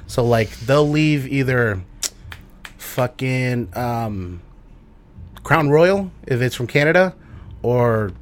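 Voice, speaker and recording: A man's voice: mid-range voice, lively intonation, slow, long pauses. A man who is a guest comedian on a podcast, chatting casually and rambling through jokey stories.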